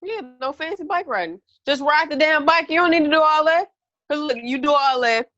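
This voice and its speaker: A woman co-hosting a podcast, trading blunt, laid-back banter. Her voice sits a little high. The recording sounds slightly dull. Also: expressive, a little fast, fairly bright tone. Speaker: podcast co-host. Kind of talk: casual chat.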